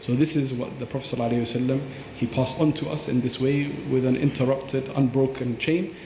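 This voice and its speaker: A man's voice: medium pitch, fairly even intonation, quick pace, dark tone, echoey room, big-room sound, slight background noise. A man teaching about Quran recitation on a podcast, earnest and explanatory, demonstrating pronunciations aloud.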